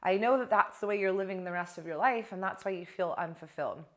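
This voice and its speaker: A young adult woman coach talking casually to camera in a blunt, animated way, swearing now and then. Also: mid-range voice, quick pace. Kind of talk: casual direct-to-camera talk.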